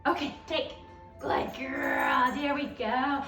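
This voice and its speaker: A woman dog trainer explaining a training demonstration while playing, switching between excited praise and firm commands. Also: sits high, slow, roomy sound, distant mic, soft background music.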